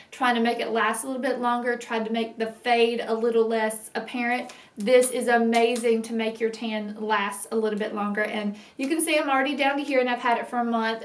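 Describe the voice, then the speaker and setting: A woman with a rural American accent chatting about beauty products in a rambling, enthusiastic vlog style. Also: on the high side. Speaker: beauty vlogger. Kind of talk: casual product review chat. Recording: roomy echo, mic at a distance.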